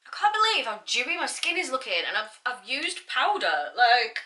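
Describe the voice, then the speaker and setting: A woman's voice: high-pitched, big pitch swings, moderate pace, sharp tone. A woman giving a bubbly, chatty makeup tutorial and talking straight to her viewers. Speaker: beauty vlogger.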